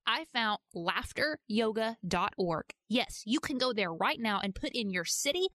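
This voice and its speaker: A woman's voice: fairly high pitch, expressive, a little slow, a bit bright, no echo, clean studio sound. A woman from Georgia in the US hosting a casual interview. She tells stories in a playful, self-mocking way. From Georgia, USA. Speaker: podcast host.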